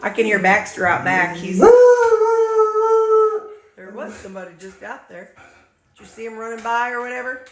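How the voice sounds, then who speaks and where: A woman's voice: mid-range voice, steady tone, moderate pace, pauses often, fairly bright tone. Chatty Missouri woman in a roomy kitchen. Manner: rambling, folksy, chatty. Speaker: vlogger. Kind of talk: casual chat. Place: home kitchen.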